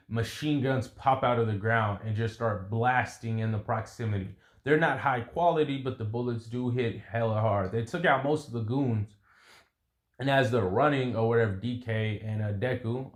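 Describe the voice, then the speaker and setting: A man's voice: mid-range voice, reverberant. Rambling young man telling a story. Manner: rambling, with vocal sound effects. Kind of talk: casual improvised storytelling.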